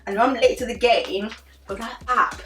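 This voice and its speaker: A young woman chatting casually in a vlog, animated and full of "like" fillers. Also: a little high, normal speed, a little hiss or hum. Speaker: beauty vlogger. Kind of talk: casual chit-chat vlog. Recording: roomy sound, a little distant from the mic, faint music behind.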